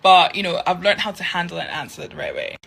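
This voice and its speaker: Woman, Scottish accent, bright tone, emphatic, casual to-camera chat. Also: fairly low pitch, lively intonation, fast, vocal fry, husky. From Scotland. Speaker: content creator.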